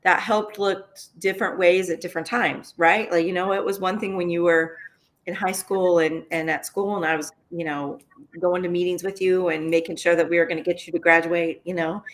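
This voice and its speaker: Woman, lower voice, former mentor, earnest, emphatic, heartfelt, fighting tears. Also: steady tone, normal speed. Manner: earnest, emphatic, frequent "right?" asides. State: holding back tears. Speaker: former school advocate and mentor. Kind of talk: heartfelt conversational reminiscence.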